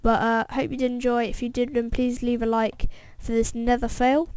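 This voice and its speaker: A woman hosting a let's-play video, excitedly reacting aloud to the game and talking straight to her viewers. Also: fairly high pitch, normal speed, no room sound. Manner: talks straight to viewers as guys. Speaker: gameplay video host. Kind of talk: let's-play gameplay commentary.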